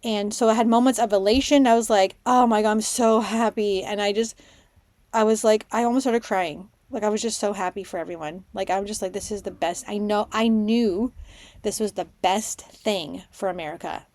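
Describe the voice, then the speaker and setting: A woman hosting a spiritual podcast, telling stories in an excitable, rambling way and dropping to a hush for her inner thoughts. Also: medium pitch, normal speed, no room sound. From Canada. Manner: excitable storytelling, drops to a hushed voice for her own thoughts. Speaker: podcast host, spiritual mentor. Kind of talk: casual monologue podcast.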